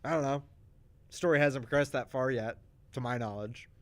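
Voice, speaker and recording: Man animatedly recapping a soap opera. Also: medium pitch. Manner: animated storytelling, many restarts and asides; acts out characters' lines in quick voices. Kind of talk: casual chat.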